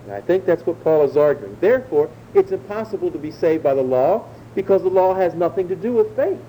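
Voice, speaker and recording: Male pastor, dark mellow tone, measured verse-by-verse sermon delivery, slight rumble behind. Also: sing-song, poor audio. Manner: measured teaching, slowing to stress key words.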